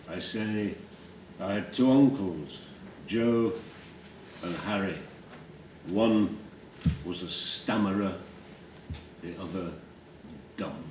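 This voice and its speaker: Male poet, Yorkshire accent, slow and measured reading voice; distant mic in a roomy hall with faint background ambience. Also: deep voice, darkish tone, a little hiss or hum. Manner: slow, measured, deliberate delivery. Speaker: poet reading his own work. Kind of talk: poetry reading with commentary. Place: library reading room.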